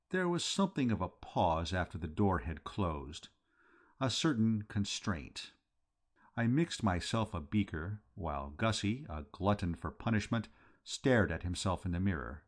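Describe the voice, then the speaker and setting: Lively low-voiced man reading aloud. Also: a little slow. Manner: wry, lively first-person narration. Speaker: audiobook reader. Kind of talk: comic novel reading.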